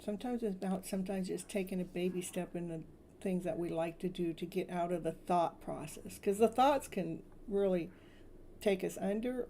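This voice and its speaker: Mellow-voiced woman reading soothing affirmations. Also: lowish voice, a little hiss or hum. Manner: soothing, repeats affirmations slowly. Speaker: tarot reader.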